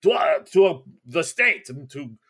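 A man voicing an excitable Russian party host with a put-on Russian accent and grand, raised delivery. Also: a little high, a little slow, slightly rough, voice pushed up, full character voice. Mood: effusive.

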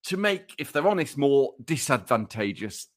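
Teasing, lively-voiced man. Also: mid-range voice, moderate pace. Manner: teasing, mock-lecturing, laughs while talking. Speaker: podcast co-host presenting research. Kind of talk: casual podcast banter.

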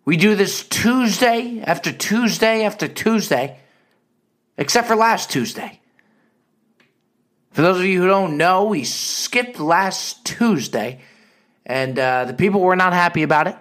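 A man hosts a casual live podcast with a rambling, loose storytelling manner. His voice sits notably high for a man. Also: animated, unhurried, a bit bright. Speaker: podcast host.

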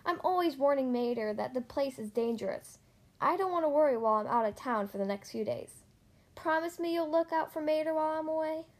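A woman's voice: sits high, lively intonation, fairly quick. A woman voicing a caring, smart female car in a storybook, pleading and worried.

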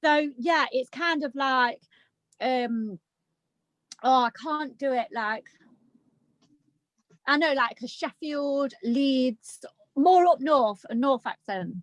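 Woman, high voice, lively pitch, dry close sound, casual chat. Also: takes it slowly, long pauses, no room sound. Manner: chatty, giggly, uses British slang.

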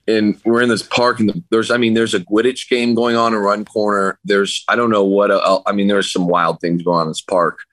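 Guy with a low voice telling a wild story on a call, dry sound. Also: no room sound, poor audio. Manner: animated anecdote teller, acts out other people's lines. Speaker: podcast guest. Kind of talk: casual storytelling. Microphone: remote call.

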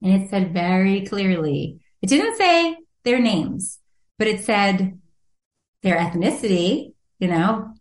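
An animated woman, a guest and author, tells a personal story during an interview, laughing often and acting out the voices of people she quotes. Her pitch is medium, she speaks slowly, and the room sounds echoey.

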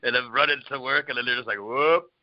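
A man's voice: medium pitch, rapid-fire, dry recording, highs cut off. A man chatting casually as a podcast guest, rambling and laughing as he tells family stories. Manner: rambling, laughing, lively storyteller. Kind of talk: casual chat.

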